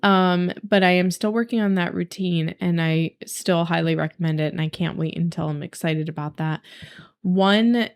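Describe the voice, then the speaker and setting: A young woman speaks in a casual, earnest vlog, reflecting on her meditation practice. Her voice sits on the low side and sounds smooth and clear. She fills pauses with ums and likes. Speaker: vlogger sharing a meditation journey.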